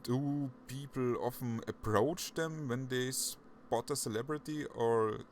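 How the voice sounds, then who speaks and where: A man's voice: mid-range voice, slow, a little hiss or hum. A man hosting a podcast, chatting casually and hesitating as he searches for words. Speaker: podcast host. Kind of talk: casual chat.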